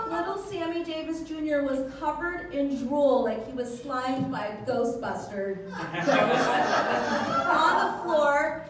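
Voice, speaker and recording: High-voiced woman doing stand-up in an echoey hall. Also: heavy background noise. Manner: animated storytelling, jumps into high voices for her kids. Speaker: stand-up comedian. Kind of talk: stand-up comedy set. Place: live comedy venue. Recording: echoey hall from far off with loud ambience.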